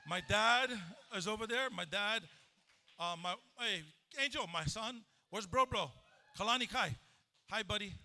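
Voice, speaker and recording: A man with a high, very bright voice tells his recovery story to a crowd. He talks in an easy, chatty way and jokes with the audience between serious moments. He speaks into a handheld mic in an event hall. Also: unhurried. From Hawaii. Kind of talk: live testimony speech.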